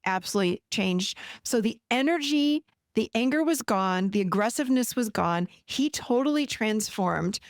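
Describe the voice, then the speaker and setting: A woman's voice: on the high side, animated, moderate pace, no room sound, studio quality. A woman podcast host and therapist telling a client story in a casual, chatty way, often addressing listeners directly.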